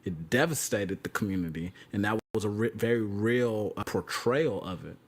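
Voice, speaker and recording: A man's voice: lowish voice, normal speed. A man co-hosting a podcast in casual chat, earnestly explaining at length with frequent fillers. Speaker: podcast co-host.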